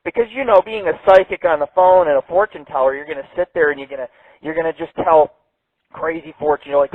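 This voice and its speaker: A man's voice: on the high side, fast, dry recording. A man hosting an internet radio show, ranting brashly and swearing a lot. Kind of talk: profane call-in radio rant. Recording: tinny phone-like dry sound.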